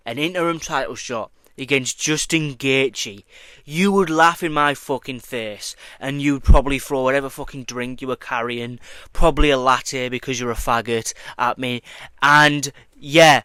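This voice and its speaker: A man's voice: medium pitch, smooth, no room sound. A young man reacting to fight news in a casual vlog. He swears freely and mocks as he talks. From Britain. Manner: profane, mocking, excitable. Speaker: YouTuber commentating on combat sports.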